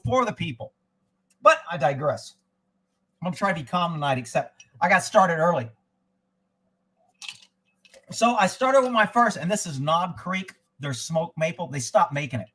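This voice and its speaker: High-voiced profane man ranting. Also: a bit bright, rough recording. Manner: folksy, profane, rambling, with drinking asides. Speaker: livestream host. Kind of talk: casual political rant.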